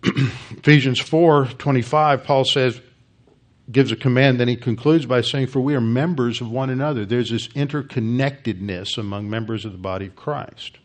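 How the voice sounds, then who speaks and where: A man's voice: medium pitch, moderate pace. A middle-aged man, a pastor giving an expository Bible teaching sermon, lecturing emphatically with frequent restarts.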